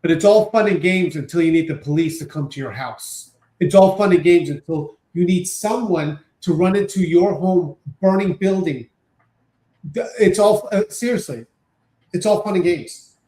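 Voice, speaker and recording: Casting: male host, high voice, blunt and wry, roomy echo. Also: normal speed, darkish tone. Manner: blunt, wry, addresses viewers as guys. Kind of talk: casual political chat. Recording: echoey room.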